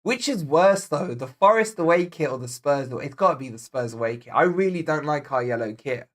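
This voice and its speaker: A Scottish-born man with a Scottish accent hosts a live football watch-along for his fan channel, keeping it loose and jokey while replying to viewer comments. His voice runs a little high, animated and slightly fast.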